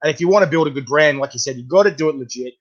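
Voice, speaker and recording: A jokey Australian man hosting a relaxed chat, his voice a touch higher than most. He is matey and quick to laugh. The sound is dull and lo-fi. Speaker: podcast host. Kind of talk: casual chat.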